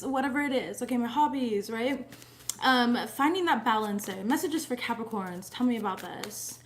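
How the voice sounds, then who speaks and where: A young woman with a high voice gives a casual tarot reading. She talks in a loose, chatty way, swears freely and laughs often. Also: moderate pace. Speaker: tarot reader.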